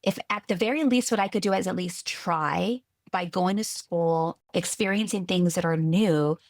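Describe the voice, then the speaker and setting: A woman from California, a guest on a podcast interview, telling her story earnestly and with lively restarts. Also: on the low side, moderate pace, no echo, clean studio sound. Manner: earnest, lively retelling with restarts and quoted voices. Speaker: guest, tech executive.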